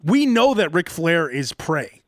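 A man co-hosting a casual wrestling podcast who laughs a lot and breaks into loud mock shouts. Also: a little high, sing-song, a little slow, no echo. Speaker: podcast co-host. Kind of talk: casual chat.

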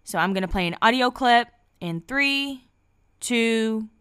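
A woman's voice: fairly high pitch, animated, fairly bright tone, clean tone. Chatty young woman recapping reality TV. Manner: chatty, gossipy, quick asides with laughs. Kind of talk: casual recap commentary.

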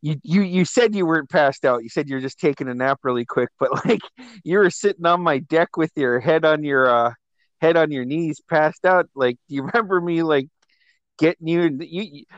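A man with a slightly raised pitch spins rowdy stories from the past, cursing casually and chuckling between lines. The sound is close and dry, with no room echo. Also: normal speed, dull audio. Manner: profane, animated storytelling with laughter. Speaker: host. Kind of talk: casual storytelling chat.

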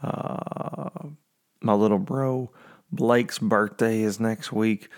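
Gravelly-voiced man, rambling morning chat. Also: on the low side, fairly even intonation, extremely slow. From Tennessee. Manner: rambling, joking, many fillers. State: early morning voice. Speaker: podcast host. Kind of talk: casual chat.

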